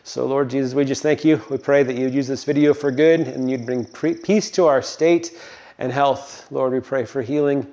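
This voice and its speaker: An older man from Colorado delivers a devotional talk that ends in prayer. He speaks in an unhurried, meandering way, pausing often. His voice sits at an ordinary middle pitch, and the recording sounds dull and lo-fi. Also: steady tone, dark tone. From Colorado, United States. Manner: meandering, unhurried storytelling with frequent pauses. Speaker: Christian speaker.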